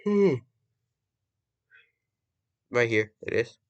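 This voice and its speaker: A man's voice: medium pitch, very animated, very slow, lo-fi sound. A young man improvising a fan story, rambling, swearing, and correcting himself often.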